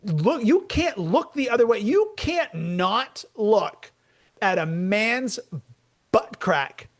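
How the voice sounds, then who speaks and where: A man co-hosting as a comedian, talking in a rambling, joking, animated way in casual chat. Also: sits high, slow. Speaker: comedian co-host.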